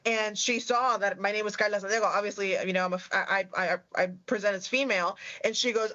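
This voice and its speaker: A woman's voice: mid-range voice, steady tone, fast talker, few pauses, bright, forceful tone. Puerto Rican accent, woman, chatty storyteller, slightly lo-fi sound. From Puerto Rico. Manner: chatty, storytelling, many fillers. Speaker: tech sales guest. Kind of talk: panel conversation.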